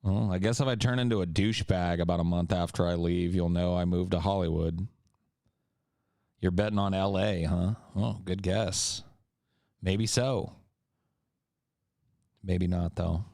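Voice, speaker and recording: A man's voice: low voice, steady tone, normal speed, long pauses, dark tone, no echo, studio quality. A man hosting a casual Q&A chat, joking and swearing in an offhand way. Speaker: host.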